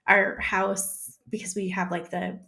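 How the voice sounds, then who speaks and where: A woman's voice: mid-range voice, measured pace, gravelly. A woman co-hosting a podcast, chatting casually and laughing often. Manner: laughs often, lively reactions. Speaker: podcast co-host. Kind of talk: casual chat.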